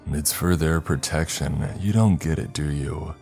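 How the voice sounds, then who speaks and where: A man voicing a ruthless male surveillance boss with a creaky voice who snaps at others with contempt. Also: a bass voice, unhurried, darkish tone, soft background music. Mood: ranting. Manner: snapping, contemptuous.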